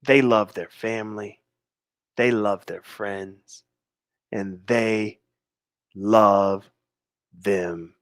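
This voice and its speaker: A man in his forties hosts a livestream, reading viewers' comments in laid-back banter and slowing into emphatic stress on his key points. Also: lowish voice, fairly even intonation, a bit bright, no echo, studio quality. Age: 40s. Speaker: livestream host.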